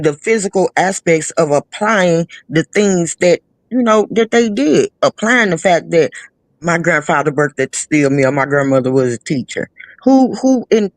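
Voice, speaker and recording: A woman's voice: fairly low pitch, no room sound. Woman, blunt and cussing, dry close sound, opinionated live chat. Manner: blunt, profane, restarts mid-thought.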